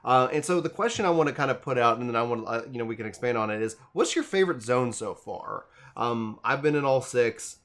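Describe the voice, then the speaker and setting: A man's voice: medium pitch, animated, fast, few pauses, a bit bright. A man hosting a casual gaming podcast, talking enthusiastically in rambling runs with frequent restarts. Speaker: podcast host.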